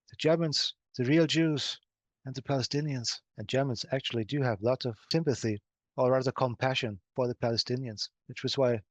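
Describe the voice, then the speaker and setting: Guy talking in a hypnosis trance, slow and grave, trails off low, super dry sound. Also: no echo. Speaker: hypnosis session client. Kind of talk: speaking in trance, answering questions.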